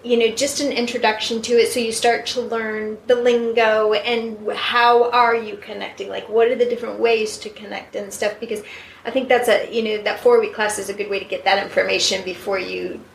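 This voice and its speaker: A woman's voice: a little high, level tone, normal speed, gravelly, slight background noise. Chatty woman guest in an echoey room. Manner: chatty, many fillers, laughs often. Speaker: guest medium. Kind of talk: casual podcast chat.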